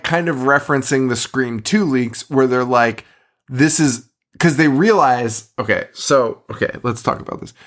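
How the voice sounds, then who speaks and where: A man co-hosting a casual movie podcast, animated and laughing often, hiccuping and burping as he talks into a mic. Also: medium pitch. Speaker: podcast co-host. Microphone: studio mic.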